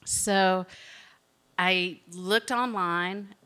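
A woman from Alabama with a Southern accent, telling a personal story in an animated, chatty way. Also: fairly low pitch, very slow, clear, resonant tone. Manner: animated, chatty, often laughing.

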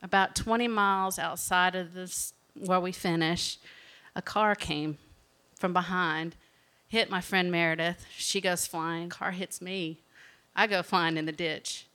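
A woman from Alabama with a Southern accent, telling a personal story in an animated, chatty way. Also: lowish voice, a little slow, clean tone. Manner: animated, chatty, often laughing.

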